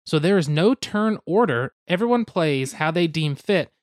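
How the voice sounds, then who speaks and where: A man's voice: fairly high pitch, expressive, normal speed, no room sound, studio quality. A young man hosting a podcast, explaining a card game step by step with goofy asides and hedges. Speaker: podcast host explaining board games.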